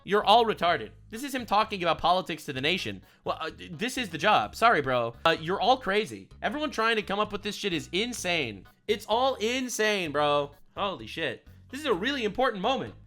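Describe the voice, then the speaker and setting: A man streaming a reaction to a video, ranting loudly and repetitively with plenty of profanity. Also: high voice, very animated, brisk, few pauses, faint music behind. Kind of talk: heated reaction commentary.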